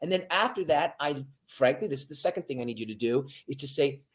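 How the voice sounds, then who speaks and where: A military veteran guest giving motivational interview talk, addressing listeners directly and swinging from hushed to loud. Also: male voice, medium pitch, expressive, fast.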